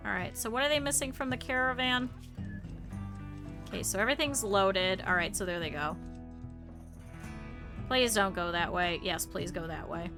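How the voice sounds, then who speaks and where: A woman plays a game live, her voice sitting a little high and sounding sharp and bright. She chats to her viewers, scolds the characters on screen and swears freely. Soft game music plays faintly underneath. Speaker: streamer. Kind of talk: live gameplay stream commentary.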